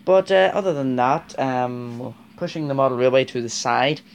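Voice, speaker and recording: A man's voice: mid-range voice, moderate pace, creaky, clean tone. Chatty Northern Irish man rambling. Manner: rambling, chatty, laughs often, many fillers. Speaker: vlogger, model railway fan. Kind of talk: casual chat to camera.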